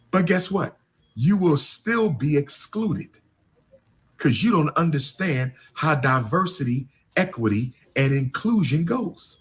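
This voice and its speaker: A man's voice: a little high, big pitch swings, normal speed. A man giving impassioned political commentary as a panelist, repeating his points emphatically and throwing out rhetorical questions.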